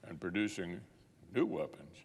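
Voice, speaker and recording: Deep, deliberate male senator speech. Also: slightly rough. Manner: slow, deliberate, emphatic repetition. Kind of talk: formal floor speech. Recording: archival clip in reverberant chamber.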